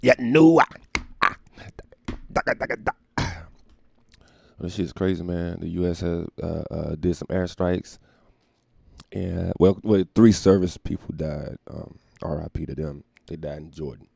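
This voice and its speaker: A man hosting a solo podcast and ranting casually, profane and animated, laughing often while recording at home. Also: deep voice, moderate pace, vocal fry, breathy edge, no echo. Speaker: podcast host.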